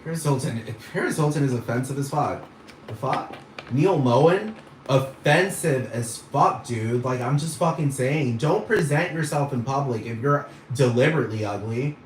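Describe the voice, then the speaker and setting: In a rambling, profane monologue, a man rants with scoffing exasperation and nonstop swearing. His mid-range voice is expressive and moves at normal speed. The room is echoey, with faint noise.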